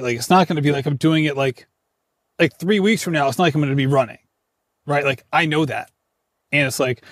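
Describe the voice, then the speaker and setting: A man's voice: a little high, dry recording, studio quality. A man talking casually on a podcast, chatty and self-deprecating, full of fillers. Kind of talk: casual conversation.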